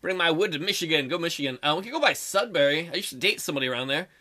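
The let's play host talks very fast in a slightly high, expressive voice with a sharp edge. He reads game text aloud and makes crude jokes, keyboard clacking behind him in this casual gaming commentary.

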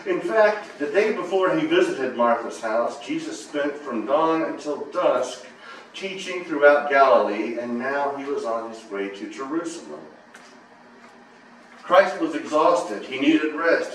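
A male pastor delivering a sermon as dramatic storytelling that swings between hushed and loud. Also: on the high side, slight background noise. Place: church sanctuary. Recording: echoey church from a distance.

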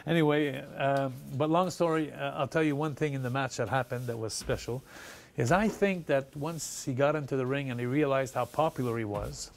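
A Canadian man, a retired pro wrestler, telling stories in an animated interview and acting out the people he quotes. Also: medium pitch, normal speed, creaky, slight background noise. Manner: excited, laughing storyteller who acts out quotes.

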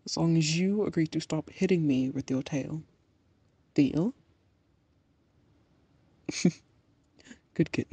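A voice actor playing a patient, teasing partner in an audio role-play, speaking slowly and calmly. The voice is warm and low in brightness, and the lines are drawn out. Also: breathy edge, no echo. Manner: calm, teasing, calls the listener darling.

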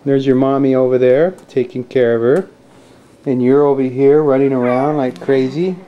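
A man's voice: mid-range voice, steady tone, normal speed, highs cut off. A father filming a home video at home on a handheld camcorder, talking earnestly and calling to his toddler in a coaxing sing-song. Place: family home, indoors.

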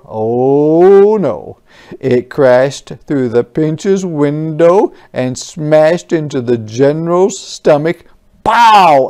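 Slow, creaky-voiced storybook teacher. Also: medium pitch. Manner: expressive, defines words for children, asks questions. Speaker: kindergarten teacher. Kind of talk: interactive children's read-aloud.

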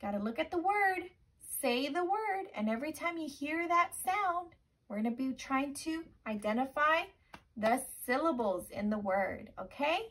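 A woman teaching young children a remote lesson, speaking in a slow, encouraging, sing-song way and often checking "okay?". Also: sits high, lively intonation, fairly bright tone.

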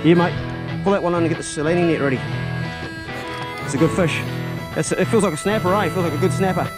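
Excited man fishing from a boat. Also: a little high, fast talker, loud music behind the voice. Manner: enthusiastic, encouraging, shouts and whoops at catches. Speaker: fishing channel host. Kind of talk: excited casual commentary while fishing. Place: outdoors on a small fishing boat.

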